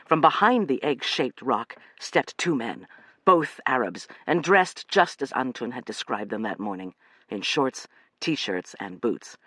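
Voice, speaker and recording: A man narrating a suspenseful novel as an audiobook, in an expressive, dramatic reading. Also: mid-range voice, a little slow, no room sound.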